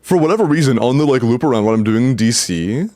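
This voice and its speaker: A man's voice: mid-range voice, lively intonation, fast talker, warm tone. A young man livestreaming a video game, talking to himself and chat, frustrated and swearing as he practices a combo. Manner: frustrated, swearing, self-talk. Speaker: streamer. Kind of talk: live game stream commentary.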